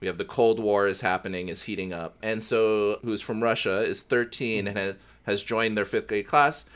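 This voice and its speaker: A man co-hosts a podcast and recaps a film in easy, casual chat. His voice sits on the low side. Now and then he lapses into playful mock voices. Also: normal speed, smooth. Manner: animated storyteller, does mock voices. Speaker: podcast co-host. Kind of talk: casual movie discussion.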